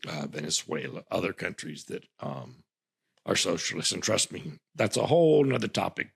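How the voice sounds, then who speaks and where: A man's voice: low voice, vocal fry, slightly rough. A man hosting a podcast, delivering a passionate political commentary monologue with frequent stammering restarts. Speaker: podcast host.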